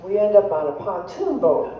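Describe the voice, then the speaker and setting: A woman's voice: mid-range voice, big pitch swings, moderate pace, highs cut off. Woman telling funny stories in an echoey hall. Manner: chatty, laughs at her own jokes. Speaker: guest comedian. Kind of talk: comedic storytelling. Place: church hall with live audience. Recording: echoey hall, distant mic, faint noise.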